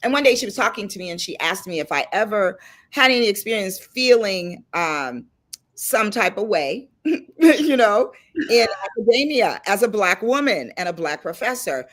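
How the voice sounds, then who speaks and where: A middle-aged woman hosting a casual chat and telling stories with animated delivery. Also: medium pitch, moderate pace. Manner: lively storyteller, animated and laughing. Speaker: host. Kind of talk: casual chat on a video call panel.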